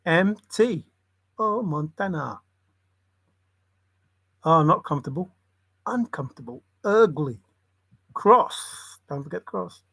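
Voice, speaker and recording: Slow, rambling man free-associating on stream. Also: on the high side, expressive, creaky, a bit bright, slightly rough, no room sound. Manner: muttering, free-associating, breaks into snatches of song. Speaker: livestream host. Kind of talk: rambling word-association livestream.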